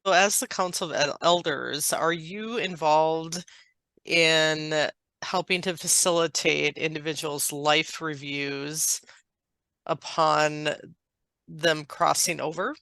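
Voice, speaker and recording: Group member asking hesitant questions, really slow, gravelly edge, dry close sound. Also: mid-range voice, steady tone, sharp tone, dry recording. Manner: hesitant, halting questions with restarts.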